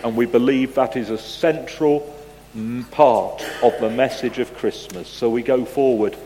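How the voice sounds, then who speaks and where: Slow-speaking pastor in a reverberant church. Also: male voice, medium pitch, a little hiss or hum. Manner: conversational and gently humorous, asks the congregation questions. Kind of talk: sermon with picture-clue quiz.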